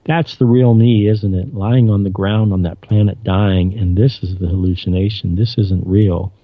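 A man's voice: deep voice, fairly even intonation, normal speed, no room sound. A man reading out the lines of a resolute woman starship captain, in a plain, slightly raised delivery. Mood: defiant. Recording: dull lo-fi dry recording.

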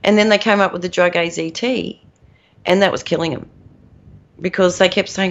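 A woman's voice: fairly low pitch, fairly even intonation, fairly quick, gravelly. A woman co-hosting a podcast in casual chat, rambling and emphatic, laughing at her own points. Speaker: podcast co-host. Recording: dull lo-fi audio.

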